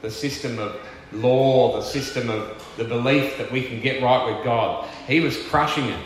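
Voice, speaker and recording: A man preaching a sermon with earnest, emphatic delivery, slowing down to stress key words. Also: mid-range voice. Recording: echoey church hall with long reverb.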